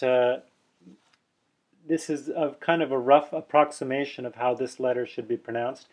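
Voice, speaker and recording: A man teaching pronunciation in an unhurried explanatory way, often restarting phrases and repeating example sounds. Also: mid-range voice, darkish tone, muffled recording. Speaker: language teacher. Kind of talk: explaining pronunciation over a document.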